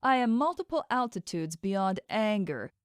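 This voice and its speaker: A woman's voice: medium pitch, big pitch swings, normal speed, clear, resonant tone, no room sound, studio quality, natural voice. A woman voicing a frightened, furious young wife in an audiobook, ranting and tearful. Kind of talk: audiobook character voice.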